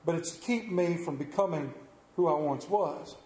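A man's voice: fairly high pitch, normal speed, darkish tone, reverberant, poor audio. A middle-aged man preaching a sermon, telling folksy, self-deprecating stories to his congregation in a church. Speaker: pastor. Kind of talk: sermon with storytelling.

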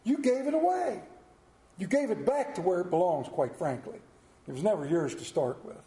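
A man preaching a sermon as pastor, swinging from hushed lines to loud ones. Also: sits high, lively intonation, normal speed, roomy sound.

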